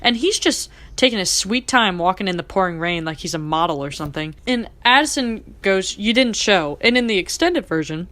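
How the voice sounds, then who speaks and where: A woman's voice: mid-range voice, lively intonation, fairly quick, few pauses, a bit bright. A young woman co-hosting a podcast, chatting casually and gushing over a TV episode while acting out quoted lines. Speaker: podcast co-host. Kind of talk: casual chat recapping a TV episode.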